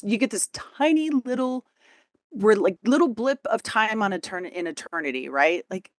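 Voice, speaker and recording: A woman's voice: on the low side, no room sound, clean studio sound. A middle-aged woman coach, a podcast guest, talking casually with upbeat enthusiasm. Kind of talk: casual interview chat.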